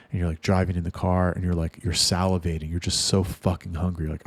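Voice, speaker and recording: A man's voice: low-pitched, steady tone, fast talker, few pauses, a little mellow, no room sound. A man coaching his sales staff in a casual monologue, blunt and profane, rambling with restarts. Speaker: sales trainer for chat staff.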